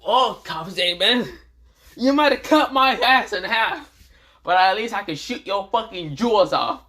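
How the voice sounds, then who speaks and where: A man doing a yelling foul-mouthed mercenary. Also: animated, unhurried, full character voice. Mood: taunting. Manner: shouting, cursing, high strained yelps. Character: crude loud male mercenary antihero.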